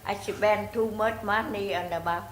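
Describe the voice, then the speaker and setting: A woman with a Vietnamese accent, a native Vietnamese speaker, pleading during public comment at a city council meeting in halting, broken English full of restarts and repetitions. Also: medium pitch, fairly even intonation. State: distressed, pleading. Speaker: resident giving public comment. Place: city hall council chamber. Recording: echoey chamber with faint background noise.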